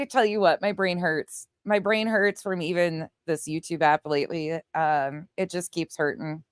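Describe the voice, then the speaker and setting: A middle-aged Southern woman hosts a casual livestream, chatting loosely with viewers and laughing a lot. Her voice sits a little low for a woman. The sound is dry and close, with no room echo. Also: clear, resonant tone. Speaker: livestream host. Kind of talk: casual livestream chat reading comments.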